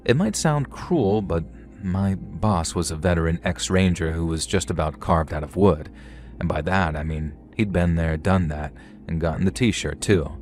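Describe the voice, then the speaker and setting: Male horror narrator, deep low voice, steady scripted storytelling. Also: moderate pace, soft background music.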